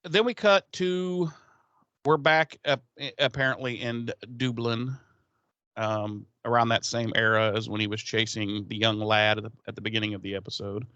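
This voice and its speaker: A man's voice: on the low side, fairly even intonation, normal speed, pushed and bright, clear, resonant tone, dry recording, muffled recording. A man co-hosting a podcast, recapping an episode in casual, profane chat and acting out the characters' lines. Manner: profane, rambling, acts out quotes. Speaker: podcast co-host.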